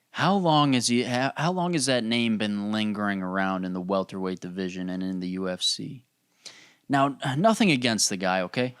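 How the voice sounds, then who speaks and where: A man's voice: on the low side, fairly bright tone, clean tone, no room sound, clean studio sound. A man hosting a podcast, ranting casually in a rambling, profane way full of "dude" and "bro". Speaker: podcast host. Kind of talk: casual solo rant.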